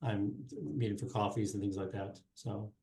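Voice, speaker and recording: A middle-aged man talks loosely as a guest, padding his thoughts with fillers and restarting sentences. His voice is mellow and dark, and it is recorded in an echoey room. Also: lowish voice, fairly quick, vocal fry. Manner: rambling, many fillers and restarts. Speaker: guest, sports marketing specialist and former TV reporter. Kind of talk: casual interview chat. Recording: roomy echo.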